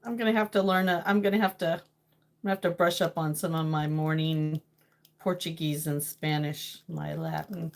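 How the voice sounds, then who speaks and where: A woman's voice: low-pitched, steady tone, moderate pace. A middle-aged woman from New England, hosting a casual livestream chat with viewers, playful and laughing often. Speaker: livestream host chatting with viewers.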